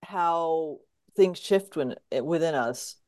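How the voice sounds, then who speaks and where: A woman's voice: deep voice, slow pace, darkish tone. A woman hosting a podcast, listening closely and sharing her own healing experiences with eager enthusiasm. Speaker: podcast host. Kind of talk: casual podcast conversation.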